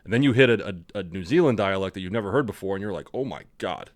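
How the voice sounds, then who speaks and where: Clean studio sound with no echo captures a podcast co-host whose voice is on the low side and very fast. He tells meandering stories in relaxed conversation, acts out his own thoughts, and swears freely.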